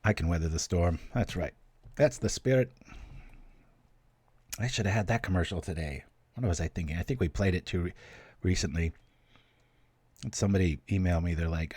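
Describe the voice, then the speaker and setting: His voice is low, a bit mellow and slightly rough, delivered briskly with frequent pauses and no echo. He hosts a card game show for a gaming channel, casually talking through every move and tossing in little jokes.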